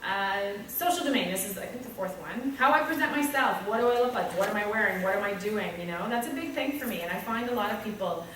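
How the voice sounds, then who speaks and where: A woman's voice: medium pitch, quick pace, few pauses, fairly bright tone, a little hiss or hum. A woman teacher with a Canadian English accent reflects on her own teaching practice in a candid, self-deprecating way, acting out little asides. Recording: echoey room, speaker far from mic, faint ambience.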